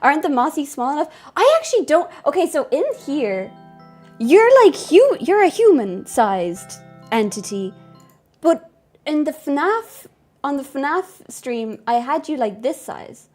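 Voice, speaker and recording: A woman's voice: high-pitched, big pitch swings, a little slow, a little mellow, soft background music. A woman game streamer chatting casually to her viewers, scatterbrained and laughing often as she thanks members. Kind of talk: casual live-stream chat.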